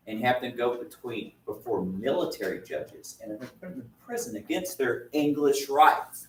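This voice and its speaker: A man's voice: mid-range voice, animated, brisk. A man teaching a history lesson in a casual, chatty way, stretching out his phrases, recorded from a distance in a classroom. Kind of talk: classroom lecture. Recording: roomy, distant mic, faint noise.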